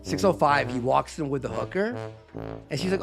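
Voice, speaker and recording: Heated storytelling man, slightly high voice. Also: normal speed, music in the background. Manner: heated, acts out quotes in raised voice. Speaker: streamer telling a story. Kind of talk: animated storytelling with profanity.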